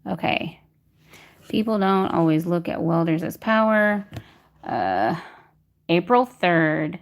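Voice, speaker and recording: A woman's voice: lowish voice, lively intonation, slow pace. A woman hosting a casual livestream from home, greeting viewers by name and reading their comments aloud. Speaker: livestream host reading chat. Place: home in Texas during a power outage.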